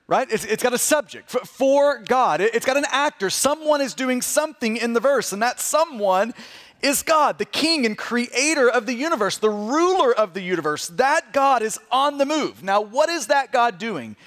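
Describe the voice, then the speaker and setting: A man with a very high-pitched, expressive voice preaches as pastor at a moderate pace, in a big-room acoustic. His delivery is emphatic, with swells and drops, and he drops to hushed tones for stress while often repeating and restarting words.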